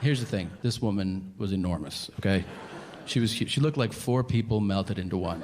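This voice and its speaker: A man doing stand-up, telling a story in an exasperated, incredulous, profane way, his voice jumping high in disbelief. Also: moderate pace, background noise. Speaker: stand-up comedian. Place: comedy stage with a laughing audience. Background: audience laughter.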